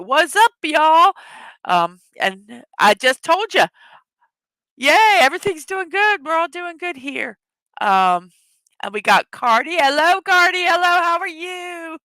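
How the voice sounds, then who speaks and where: Bright, chatty woman hosting a livestream. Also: on the high side, no echo. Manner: chatty, rambling with restarts and frequent laughs. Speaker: livestream host. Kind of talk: casual livestream chat.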